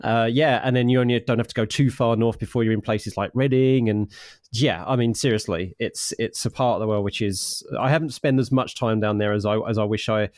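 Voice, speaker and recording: Enthusiastic British podcast host, dry sound. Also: male voice, on the low side, fairly quick, no room sound. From United Kingdom. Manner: enthusiastic, animated, many restarts. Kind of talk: casual podcast interview.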